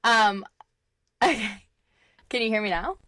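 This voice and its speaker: A woman's voice: medium pitch, slow, pushed and bright. A young woman co-hosting a casual podcast chat over a video call, chatty and full of fillers and laughs. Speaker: podcast co-host.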